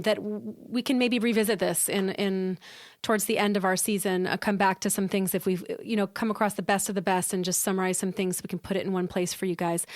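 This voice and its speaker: A woman's voice: medium pitch, dry recording, clean studio sound. A woman co-hosting a podcast in casual chat, talking earnestly and thinking aloud as she wraps up. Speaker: podcast co-host.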